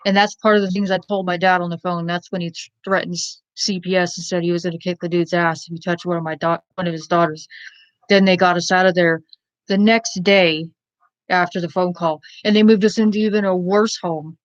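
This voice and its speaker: A woman's voice: on the low side, flat delivery, brisk, no room sound. Candid rambling woman on muffled audio. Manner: candid, rambling, many fillers and restarts. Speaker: vlogger. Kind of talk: personal storytelling. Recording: dull lo-fi sound, dry.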